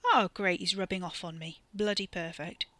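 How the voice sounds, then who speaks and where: A man's voice: high-pitched, steady tone, moderate pace, sharp tone, no echo. A woman voicing a young man who is brash, jokey and swears freely. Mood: giddy.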